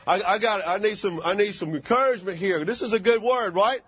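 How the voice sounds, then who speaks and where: Fervent preacher man, high voice. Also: a little fast, fairly bright tone, slightly rough, no room sound, muffled recording. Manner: fervent, calls for amens. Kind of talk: sermon.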